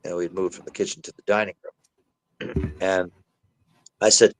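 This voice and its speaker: A demonologist appearing as a guest in a podcast interview tells his story in an animated way, acting out the voices he quotes. He speaks in a low, unhurried voice, and the audio is poor.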